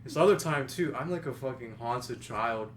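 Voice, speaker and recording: A man's voice: medium pitch, lively intonation, moderate pace, a little hiss or hum. A young man casually telling a story to friends on a podcast, full of fillers and restarts. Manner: rambling, many fillers and restarts. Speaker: podcast host.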